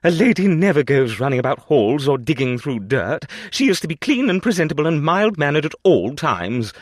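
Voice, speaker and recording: A man's voice: a little high, very animated, moderate pace, dry recording, clean studio sound, pitched above the performer's own voice. A man doing a prim scolding old noblewoman. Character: stern elderly noblewoman, prim and scandalized.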